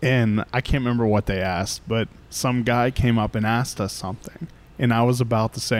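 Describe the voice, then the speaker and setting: A man's voice: medium pitch, steady tone, normal speed, hardly any pauses. A man hosting a casual conversation, asking brief questions and laughing often. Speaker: interviewer.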